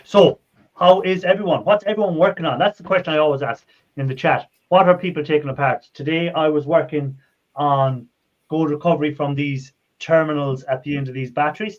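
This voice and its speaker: A man's voice: fairly high pitch, fairly even intonation, a little fast. An Irish man hosting a casual live chat, rambling and friendly, laughing often. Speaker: livestream host. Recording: dull lo-fi stream audio.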